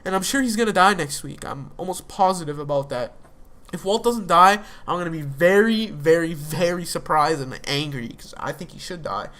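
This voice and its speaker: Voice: medium pitch, moderate pace, fairly bright tone. A young adult speaker recapping a TV episode in a casual, rambling way, full of fillers and restarts. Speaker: TV episode reviewer.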